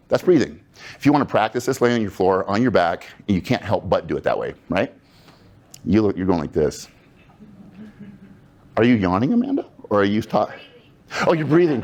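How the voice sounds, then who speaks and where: A man leading a live group in a breathing exercise, talking in a casual, chatty, upbeat way with asides to the audience. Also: on the low side. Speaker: breathing workshop leader. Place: room with about twenty-five people.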